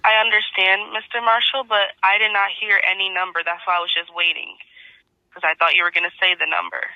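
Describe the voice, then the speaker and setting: A woman's voice: mid-range voice, flat delivery, a little fast, no room sound. A woman working as a call agent who politely repeats herself with patient insistence over the phone. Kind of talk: scripted customer-service phone talk. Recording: dull, dry phone line.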